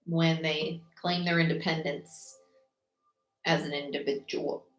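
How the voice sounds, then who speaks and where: A woman giving a live tarot reading in a chatty, quick way, listing the cards aloud as she goes. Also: deep voice, flat delivery, soft background music. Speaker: tarot reader. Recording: echoey room with faint noise.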